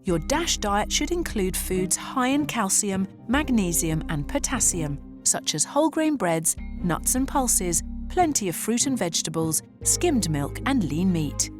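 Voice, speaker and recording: A woman giving a clear, measured, scripted voice-over narration for a health documentary. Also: medium pitch, very animated. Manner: clear, measured explanatory delivery. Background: background music.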